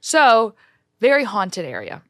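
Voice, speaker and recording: A woman's voice: mid-range voice, huge pitch swings, slow pace, fairly bright tone, dry recording, studio quality. A young woman from New Jersey, co-hosting a podcast, telling a spooky story in a brash, joking way and swearing freely. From New Jersey, USA. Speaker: podcast co-host. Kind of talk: casual chat, storytelling.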